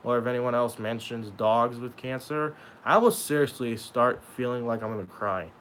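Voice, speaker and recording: A young man talking in an emotional vlog monologue, halting and repeating himself as he speaks of loss. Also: mid-range voice, a bit bright, slight background noise, rough recording. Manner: halting, repeats and restarts, sad. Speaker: YouTuber.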